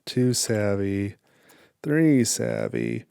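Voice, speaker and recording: A man's voice: mid-range voice, drawn-out words, creaky, dark tone, smooth. A man casually talking through a solo board game, thinking aloud and counting his cards. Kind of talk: casual playthrough commentary.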